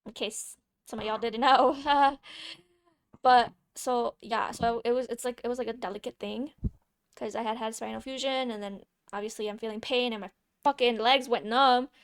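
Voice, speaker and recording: A young woman vlogger telling a casual story, chatty and playful, swearing freely with quick asides. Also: fairly high pitch, steady tone, clean tone, dry recording, clean studio sound.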